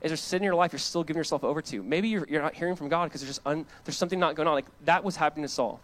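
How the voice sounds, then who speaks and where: Animated, high-voiced male pastor preaching. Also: racing. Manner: animated, reads scripture aloud and paraphrases it casually; laughs between points. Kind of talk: sermon.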